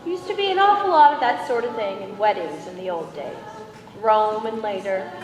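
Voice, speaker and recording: A woman's voice: mid-range voice, expressive, normal speed, natural voice. A teenage girl acting as a wry narrator who comments on the wedding and leads the vows. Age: teens. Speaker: student actor. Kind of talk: stage narration. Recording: echoey hall from far off, music.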